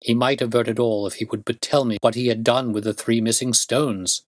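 A man reading a classic detective story aloud in a measured, steady narration. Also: mid-range voice, no echo. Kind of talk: audiobook narration.

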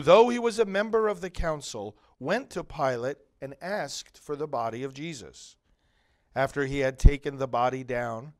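A man's slightly raised voice leads a liturgical reading and homily. He is middle-aged and moves at a very slow, deliberate pace, setting off each phrase with quiet solemnity. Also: a little high. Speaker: priest.

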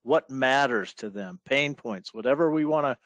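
A man moderating a business webinar who speaks in a measured way, sums up the points and hands questions to the panelists over a video call. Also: medium pitch, lively intonation, fairly bright tone, dry recording.

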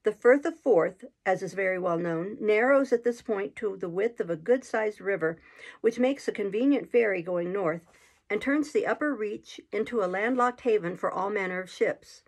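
A woman reading a classic adventure novel aloud in a steady, measured storytelling manner. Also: mid-range voice. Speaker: reader.

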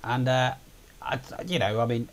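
A man's voice: mid-range voice, fairly even intonation, normal speed. A man hosting a show, chatting in a wry, self-mocking way. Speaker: show host. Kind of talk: casual studio chat.

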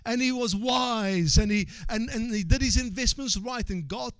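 High-voiced preaching man, shouting and hushing. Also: moderate pace, clean tone, no echo. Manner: swings from quiet asides to shouted call-and-response exhortation; repeats phrases and calls for amens. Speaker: pastor. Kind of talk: sermon.

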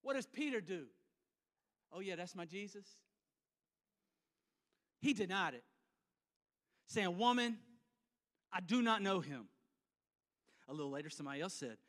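A male pastor preaching a sermon, acting out a scripture scene with volunteers and swinging between loud, animated lines and hushed ones. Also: high-pitched, normal speed, pauses often. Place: church sanctuary. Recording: church hall with long reverb.

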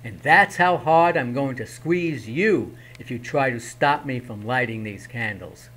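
A man voicing a clever, bold young hero who speaks in a lively, teasing way. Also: mid-range voice, unhurried.

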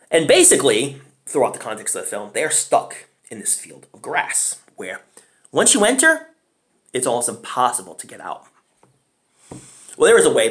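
A man giving a casual, rambling film review, chatty and often clearing his throat. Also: mid-range voice, a bit bright. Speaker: movie reviewer.

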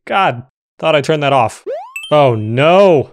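A young man giving comedic let's-play commentary, joking and breaking into sudden loud outbursts. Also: on the high side, takes it slowly. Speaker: gaming YouTuber. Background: game music.

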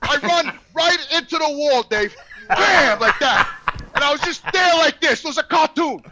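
A middle-aged man telling a profane story, animated and swearing constantly. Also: very high-pitched, normal speed, very noisy. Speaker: podcast guest telling a story. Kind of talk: profane storytelling, casual chat.

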